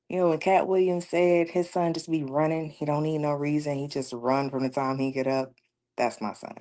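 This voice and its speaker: A woman's voice: very deep voice, warm tone. A woman in her thirties speaking as a radio show guest, earnest and storytelling, laughing often. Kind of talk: casual talk radio conversation.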